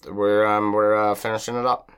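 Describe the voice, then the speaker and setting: A man's voice: on the low side, level tone, normal speed, fairly bright tone, clear, resonant tone. A man co-hosting a casual food podcast, explaining a recipe in a rambling way with many fillers. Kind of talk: casual chat.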